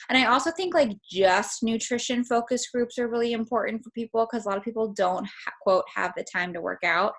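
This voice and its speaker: A woman's voice: on the high side, brisk, hardly any pauses, a bit bright. A woman leading a casual team video call, chatty, packing her talk with "like" and swearing casually. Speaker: team leader running a call.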